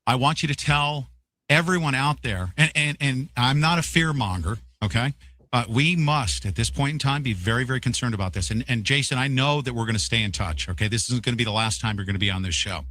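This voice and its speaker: Fast-talking, bright-voiced male host. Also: medium pitch. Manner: urgent, emphatic. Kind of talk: talk radio interview.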